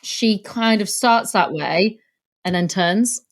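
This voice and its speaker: A woman's voice: mid-range voice, slow. A woman co-hosting a podcast in casual chat, blunt and given to explaining her reasons at length. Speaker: podcast co-host.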